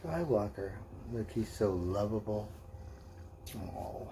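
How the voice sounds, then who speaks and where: A man speaks slowly and gently, his voice mellow and warm in tone as he coos to his cat. He chats casually for a vlog, drawing out his words in a soft, affectionate way. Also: mid-range voice, slight background noise. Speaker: vlogger. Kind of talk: casual chat and talking to a pet.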